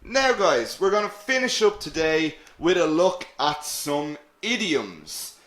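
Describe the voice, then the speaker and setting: A man teaching an English lesson with a lively, swooping delivery that keeps checking in with the class. He takes his time over each word, with self-mocking asides. His voice sits a little high and rings in an echoey room. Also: slow pace. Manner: lively, animated explaining with many "okay?" checks. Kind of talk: live online English lesson.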